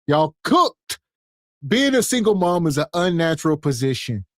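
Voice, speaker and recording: A man's voice: on the high side, big pitch swings, brisk, no room sound. Man, podcast host, blunt mocking reactions, dry close sound. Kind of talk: reaction commentary.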